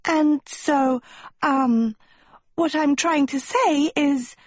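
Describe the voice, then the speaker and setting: A vain teenage girl who sees herself as a princess, put on by a woman reading a storybook. Her voice sits high and sugary above the reader's own, sweetly haughty, with a husky edge. The sound is dry and close. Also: big pitch swings, a little slow, a little mellow, dry recording, exaggerated voice. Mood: sweetly coy.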